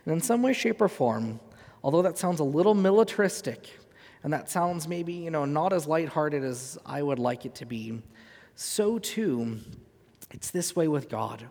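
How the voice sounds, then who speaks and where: A man's voice: fairly high pitch, animated, normal speed, a little mellow. A man in his thirties, a pastor giving an earnest sermon in a conversational, filler-rich way. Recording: long reverb of a hall.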